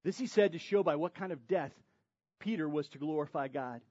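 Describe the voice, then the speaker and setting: A man preaching a sermon as pastor, moving between impassioned, emphatic preaching and soft, confiding asides. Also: on the high side, brisk, no echo, dull audio.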